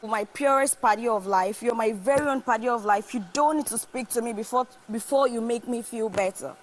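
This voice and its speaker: A woman's voice: a little high, fairly quick, slight background noise. A woman giving an affectionate, earnest toast to a friend. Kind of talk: heartfelt toast speech.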